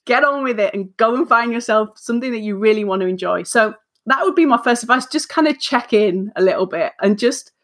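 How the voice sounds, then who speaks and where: A woman's voice: fairly high pitch, fairly quick, hardly any pauses. A woman in her forties, a guest author on a podcast, telling a story with energy, acting out her own self-talk and laughing at herself. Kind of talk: casual podcast interview.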